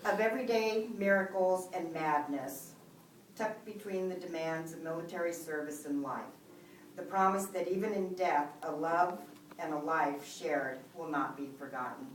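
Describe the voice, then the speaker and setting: A middle-aged woman reading a prepared eulogy for her aunt, tender, with gentle humor and soft laughter. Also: deep voice, moderate pace. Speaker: niece giving a eulogy. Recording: echoey room, voice from a distance, faint background hum.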